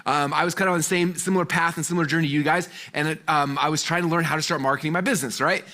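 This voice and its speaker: A man in his forties talks fast and high for a man, speaking to a seminar crowd. He tells his story with animation, acts out the voices of the people in it, and keeps throwing in fillers. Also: steady tone, pushed and bright. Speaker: guest speaker at a business seminar. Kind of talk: energetic storytelling talk to a live audience.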